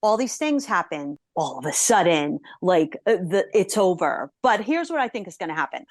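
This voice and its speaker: A woman co-hosting a film podcast in casual conversation, animatedly acting out characters' thoughts in quick asides. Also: on the low side, big pitch swings, no room sound, studio quality. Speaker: podcast co-host.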